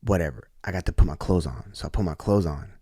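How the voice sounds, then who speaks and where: A man with a deep, low voice tells his story in a relaxed, animated way, slipping into the voices of the people he quotes. He restarts his sentences often as he talks. The sound is close and dry, with no room echo. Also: quick pace, slightly rough. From Oklahoma. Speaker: podcast guest. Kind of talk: casual storytelling.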